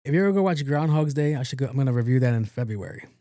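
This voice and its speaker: A man's voice: mid-range voice, animated, racing, mellow, dry recording, clean studio sound. A man hosting a podcast, recapping a movie in a rambling, profane, casual way and acting out the characters' lines. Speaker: podcast host.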